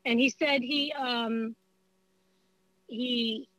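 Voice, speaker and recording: A woman's voice: a little high, fairly even intonation, extremely slow, a bit bright, no echo, poor audio. A woman in casual chat, playful and talkative, laughing as she speaks. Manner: chatty and playful, laughs while talking.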